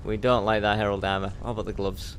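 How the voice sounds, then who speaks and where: A man's voice: on the low side, little pitch movement, fast, a bit bright, a little hiss or hum. A man hosting a let's play, giving chatty, self-mocking commentary as he plays and talking back to the game. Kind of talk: gameplay commentary.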